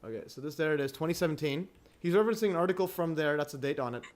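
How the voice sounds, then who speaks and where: A man hosting a livestream in casual chat, halting and full of restarts, chuckling often as he talks. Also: a little high, expressive. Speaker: livestream host.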